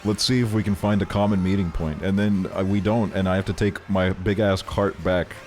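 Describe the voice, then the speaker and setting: A man's voice: low voice, steady tone, moderate pace, faint music behind. A young man streaming, chatting casually with his viewers, swearing often and sounding exasperated in a joking way. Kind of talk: casual chat.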